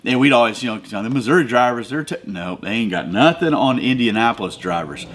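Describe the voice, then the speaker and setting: In an expressive, fairly bright mid-range voice, slightly fast, a middle-aged Midwestern man hosts a devotional podcast. He moves from casual talk into emphatic runs that sound like preaching.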